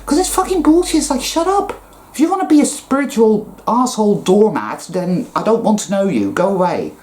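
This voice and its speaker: A woman's voice: medium pitch, sing-song, brisk, darkish tone, slight background noise. A woman giving a blunt, profane, emphatic spiritual rant to camera. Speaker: spiritual vlogger. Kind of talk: ranting spiritual monologue.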